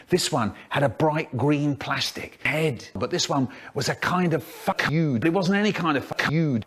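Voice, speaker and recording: A man, a children's poet telling stories and giving writing tips in an expressive storyteller's manner. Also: breathy edge. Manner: animated, expressive storyteller with big swoops in pitch. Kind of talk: storytelling talk, chopped into a comedy remix.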